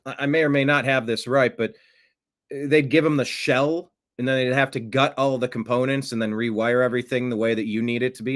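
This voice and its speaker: A man's voice: mid-range voice, a bit bright. A man hosting a political news show, talking casually with wry, offhand remarks. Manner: wry, offhand, mocking asides. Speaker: political commentary show host.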